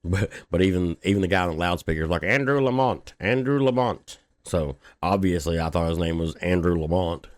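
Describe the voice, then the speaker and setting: Deep-voiced man telling a story. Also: little pitch movement, quick pace, hardly any pauses, a little mellow, dry recording. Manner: laid-back, profane, laughs often. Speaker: local news podcast host. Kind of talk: casual storytelling.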